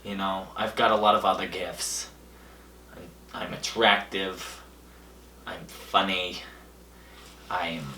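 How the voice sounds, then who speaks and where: A young man hosting a comedy show, delivering a deadpan monologue full of absurd boasts, his voice jumping between high and low. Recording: echoey room, a bit far from the mic.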